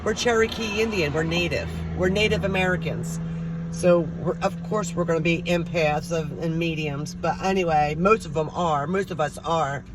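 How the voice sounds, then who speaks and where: A middle-aged woman vlogger chats casually with her viewers, telling stories and acting out the voices of the people in them. Her voice is fairly low and her pace moderate, with noise in the background.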